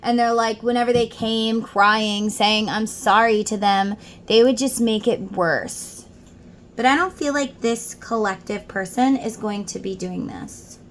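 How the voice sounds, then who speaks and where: A woman's voice: a little high, unhurried, slight background noise. A woman giving a casual tarot reading at home, chatting and reading song lyrics aloud between her explanations. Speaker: tarot reader.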